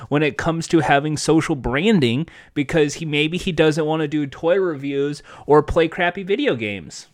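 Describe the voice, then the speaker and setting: A man's voice: fairly high pitch, no echo, clean studio sound. A man in casual comedic chat as a podcast co-host, rambling and joking.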